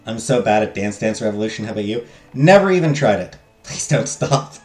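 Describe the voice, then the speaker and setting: Animated man reading a text game. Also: lowish voice, fairly quick. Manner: jokey, self-deprecating asides between narration. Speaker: streamer playing a text game. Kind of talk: let's play, reading game text and chatting with viewers. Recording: roomy echo, faint game music.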